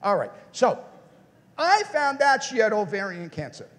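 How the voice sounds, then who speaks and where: Male keynote speaker, high and very lively pitch, questions the audience, long hall reverb. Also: normal speed. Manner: animated, questions the audience directly. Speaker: motivational speaker. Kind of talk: conference keynote talk. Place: conference room with audience.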